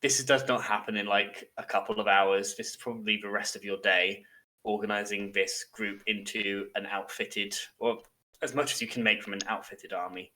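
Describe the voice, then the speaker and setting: Bright-voiced man running a tabletop game. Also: on the low side, steady tone, moderate pace. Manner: loose, explanatory, with many fillers. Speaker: game master.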